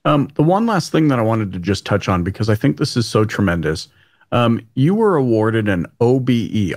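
A man's voice: lowish voice, very animated, normal speed, a little mellow, no room sound, clean studio sound. A man from Canada hosting an interview, enthusiastic and full of praise for his guest. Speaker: podcast host. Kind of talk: casual interview talk.

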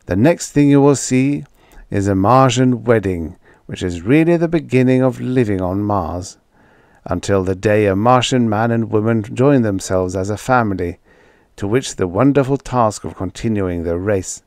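A man reading an audiobook, voicing a cultured male Martian who speaks clearly and formally. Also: on the low side, normal speed, a little mellow, no room sound, studio quality, close to an everyday voice. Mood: stately. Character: cultured male Martian broadcaster, grand and calm. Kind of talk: audiobook character voice.

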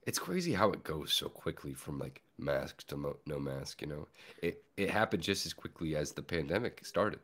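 A man hosting a podcast in casual chat, with a deep bear-like voice and a laid-back, rambling way of talking. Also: sing-song, moderate pace, fairly bright tone. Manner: laid-back, rambling, lots of filler words. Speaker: podcast host.

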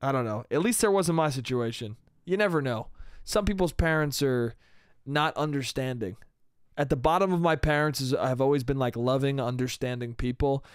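A man's voice: medium pitch, moderate pace, clean tone, dry recording, studio quality. A young man hosting a solo comedy podcast, talking in a loose, rambling way, swearing casually and trailing off. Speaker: podcast host.

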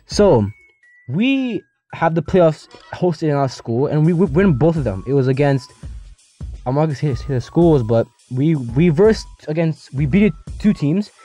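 A teenage boy telling a casual storytime, rambling and slangy, with lots of restarts and animated asides. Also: a little high, normal speed. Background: faint background music.

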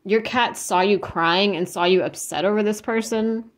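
A woman's voice: medium pitch, normal speed. Woman reading tarot, casual, rambling, earnest, lots of filler words. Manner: rambling, full of "like" and restarts; earnest, emotionally moved. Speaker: tarot reader. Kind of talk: casual psychic reading to camera.

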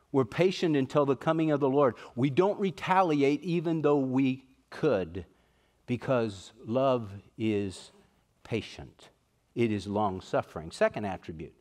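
A man's voice: medium pitch, a little mellow. Earnest man preaching a sermon. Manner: earnest, emphatic preaching with slowed stresses on key words. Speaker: pastor.

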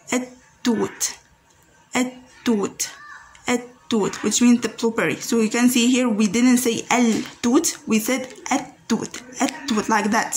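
A woman's voice: fairly high pitch, a little hiss or hum, poor audio. A woman teaching grammar patiently, repeating each example word several times. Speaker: Arabic teacher. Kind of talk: grammar lesson explanation.

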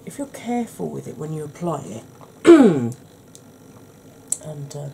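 A woman with a husky, croaky voice hosts a soft-spoken ASMR makeup tutorial, chatting gently to her viewers. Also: sits low, big pitch swings, measured pace, slight background noise. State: husky, croaky voice from a sore throat.

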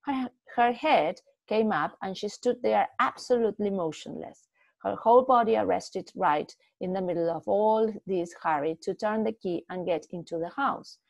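A woman reading a short story aloud in a steady, expressive way, with a few small slips. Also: medium pitch, moderate pace, gravelly, no echo, lo-fi sound. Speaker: story reader.

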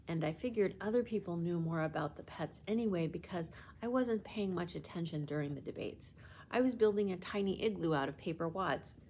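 A woman's voice: fairly low pitch, fairly quick, a little mellow, a little hiss or hum, lightly acted. A woman voicing an earnest, sheepish young schoolboy in a storybook read-aloud, speaking in a raised, apologetic tone.

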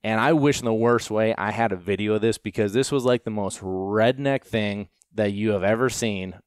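A man who trains gundogs, casually telling a long story in an animated, self-deprecating way, with lots of fillers. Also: fairly low pitch, normal speed, clear, resonant tone, dry recording, clean studio sound.

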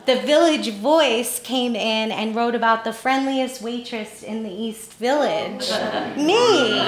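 A woman tells a personal story at a live storytelling night, animated and self-deprecating with frequent laughter. She speaks slowly in a slightly high voice. The sound is roomy and echoing, as in a small theater. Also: slight background noise. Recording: echoey room.

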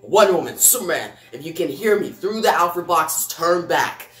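A man voicing a stern, grim caped crusader in a low, quiet voice with tense urgency. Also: expressive, moderate pace. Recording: echoey room.

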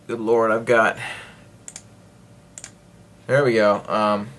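A man's voice: lowish voice, flat delivery, slow, fairly bright tone. A man giving rambling, jokey commentary while he plays a video game, talking to himself and his viewers. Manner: rambling, jokey self-talk; breaks into playful singing. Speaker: gaming video host. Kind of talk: casual let's-play commentary.

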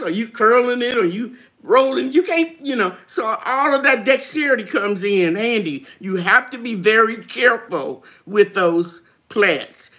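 A woman's voice: a little high, a bit bright. Chatty woman hosting a live chat. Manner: chatty, laughs often, drawn-out emphasis. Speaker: gardening channel host. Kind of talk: live chat reading viewer comments.

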